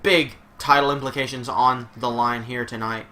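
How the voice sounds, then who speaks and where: Bright, forceful man riffing on gameplay. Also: mid-range voice, fairly even intonation, moderate pace, slight background noise. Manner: rambling, profane, jokey asides to his dog. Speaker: video game commentator. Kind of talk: casual gameplay commentary.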